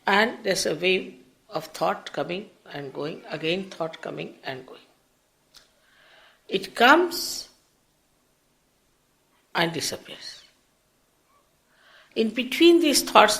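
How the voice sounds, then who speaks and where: An older woman, a spiritual teacher, giving an unhurried, explanatory public lecture with big swings in pitch and loudness. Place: public program before an audience.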